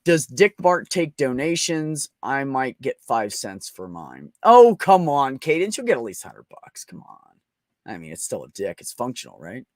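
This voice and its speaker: Young man, livestream host, crude jokes, laughs a lot, lively voice, dry close sound. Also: mid-range voice, normal speed, no echo. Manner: crude, joking, laughs often. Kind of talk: casual live chat.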